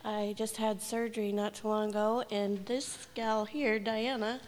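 A woman's voice: medium pitch, flat delivery, measured pace, darkish tone. A woman giving earnest thanks at a church meeting. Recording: long reverb of a church hall.

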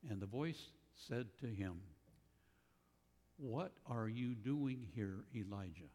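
Slow, thoughtful male preacher in a hall. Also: lowish voice, lively intonation, dark tone. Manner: slow, thoughtful, with pauses and restarts. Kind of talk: sermon.

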